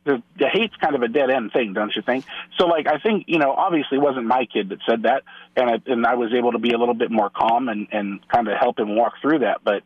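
A man's voice: mid-range voice, fast talker, dry recording, phone-quality sound. A middle-aged man, a guest on a Catholic radio show, talking casually and acting out quoted dialogue as he tells stories, with many restarts. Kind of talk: casual radio interview talk.

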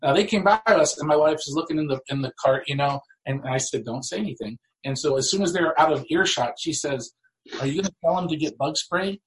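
A man telling stories as a guest author in a talk show, animated and acting out the people he quotes. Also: on the high side, brisk, poor audio. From United States. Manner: animated, acts out quoted voices.

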